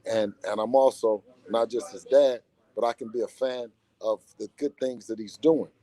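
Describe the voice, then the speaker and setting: A man speaks casually in an interview as a boxer's father and manager, animated and slangy, often repeating himself. His voice is medium-pitched and his pace moderate.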